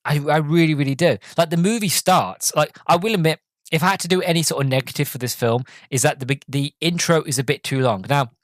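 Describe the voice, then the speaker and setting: A man's voice: a little high, fast talker, dry recording. A man hosting a podcast, giving a casual, enthusiastic movie review full of fillers and restarts. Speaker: podcast host.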